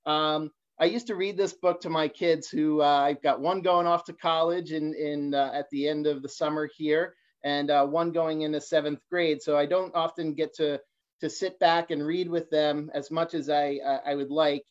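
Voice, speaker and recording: A man in his forties, a guest reader, reading a children's picture book on a livestream, halting at times with fillers and restarts. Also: on the high side, steady tone. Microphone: phone or laptop for a livestream. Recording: dull lo-fi livestream audio.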